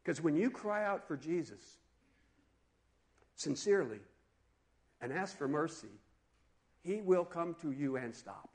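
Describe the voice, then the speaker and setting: Man preaching a sermon, high voice, lively swings, asks questions. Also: unhurried, long pauses. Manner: animated, conversational, asks the listeners questions. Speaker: pastor.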